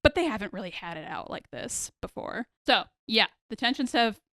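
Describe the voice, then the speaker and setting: A woman's voice: on the high side, normal speed, no echo, clean studio sound. A woman hosting a podcast, recapping a TV episode in casual chat and animatedly acting out the characters' lines. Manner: animated, acts out characters' lines, addresses listeners as y'all. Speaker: podcast host.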